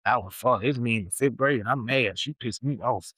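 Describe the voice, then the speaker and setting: A young man on a podcast, spinning a loose, animated tale full of slang and repetition. His voice sits at an ordinary middle pitch, and the sound is close and dry with no room echo. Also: fairly quick, few pauses, breathy edge. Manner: animated, slangy, repeats himself. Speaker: podcast host. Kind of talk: casual storytelling.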